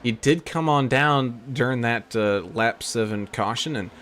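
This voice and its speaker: A man with an ordinary mid-range voice runs the play-by-play of a sim race, calling car numbers and positions at a steady clip. A faint hiss of noise runs underneath. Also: mid-range voice, a little slow.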